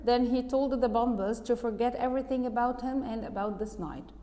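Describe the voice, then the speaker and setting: A woman's voice: fairly high pitch, brisk, dark tone, long reverb tail. A woman English teacher, reading a storybook aloud and patiently explaining words and asking the class questions.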